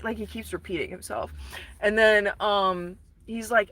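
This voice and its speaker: A woman's voice: mid-range voice, a little slow, a little hiss or hum. A woman casually retelling a story to camera, rambling, swearing and full of fillers. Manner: rambling, profane, animated retelling. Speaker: vlogger.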